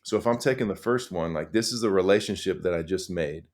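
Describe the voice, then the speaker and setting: A middle-aged man, a high school coach, talking through stories in an earnest, animated way with lots of fillers and restarts. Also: fast. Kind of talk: conversational storytelling.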